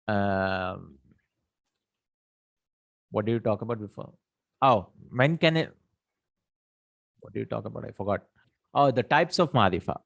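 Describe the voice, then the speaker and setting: A man's voice: medium pitch, no echo, clean studio sound. A man teaching Arabic grammar in English, explaining step by step, asking and answering his own questions, and dropping Arabic terms into his speech. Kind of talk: live online grammar lesson.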